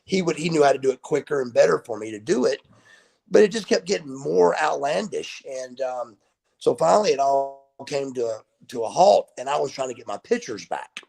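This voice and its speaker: A gravelly man in his fifties talks as a guest over a video call. His husky voice spins animated stories, and he swears freely. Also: mid-range voice, a little fast. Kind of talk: casual storytelling interview.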